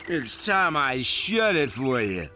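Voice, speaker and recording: Game bandit shaking you down for gold, real slow and drawn out, bright voice that swoops all over. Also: male voice, medium pitch, sing-song, faint music behind, full character voice. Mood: threatening. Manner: bullying, mocking threats. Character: menacing male bandit demanding gold. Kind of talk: video game voice acting.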